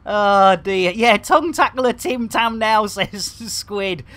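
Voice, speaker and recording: A man's voice: high-pitched, lively intonation, takes it slowly, hardly any pauses, a bit bright. A man giving live, joke-filled commentary while streaming a game, full of puns and cheeky wordplay.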